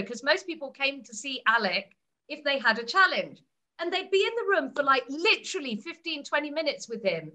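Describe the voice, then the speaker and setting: A woman's voice: sits high, bright, forceful tone. A woman speaking as a co-author at a book launch, explaining ideas step by step in a storytelling way.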